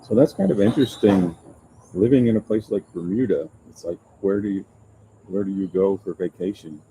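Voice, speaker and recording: A man hosting a casual live chat for his channel, rambling and self-deprecating, with halting restarts. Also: low voice, mellow, a little hiss or hum, rough recording. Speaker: YouTube channel host. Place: open-air restaurant overlooking the ocean.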